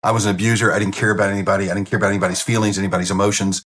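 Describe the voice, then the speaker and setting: A man's voice: lowish voice, level tone, racing, fairly bright tone, a little hiss or hum. A man speaking as an interview guest, telling a personal story in a blunt, plainspoken and openly emotional way. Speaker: guest sharing a near-death experience.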